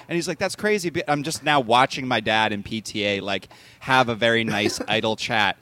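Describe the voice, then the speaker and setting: A man's voice: medium pitch, normal speed, sharp tone. A young man chatting casually as a podcast co-host, telling rambling anecdotes full of fillers and restarts. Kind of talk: casual chat.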